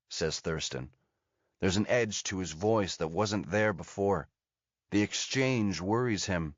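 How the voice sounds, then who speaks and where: Low-voiced male audiobook narrator. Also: no echo. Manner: steady, measured storytelling. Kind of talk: scripted narration. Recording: dull lo-fi dry audio.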